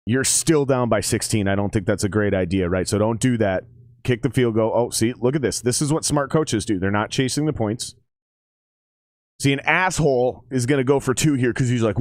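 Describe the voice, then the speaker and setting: A laid-back man talks loosely at a middling pitch, drifting from one point to the next with plenty of fillers and the odd curse. His voice sits close and dry on the mic, with no room sound around it. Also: normal speed, no echo. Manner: rambling, profane, with many fillers. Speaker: streamer commenting on a game. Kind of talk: casual livestream chat and commentary.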